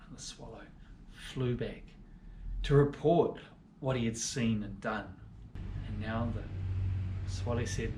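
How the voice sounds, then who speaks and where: A man reading a story to children, swinging between loud and hushed lines. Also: medium pitch, slow pace, pauses often, slight background noise. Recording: echoey room.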